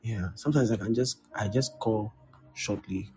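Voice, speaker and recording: A man's voice: on the low side, normal speed, darkish tone, a little hiss or hum. A man who is a pastor, preaching a conversational sermon, acting out little dialogues and prodding listeners with "huh?". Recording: dull lo-fi with music behind.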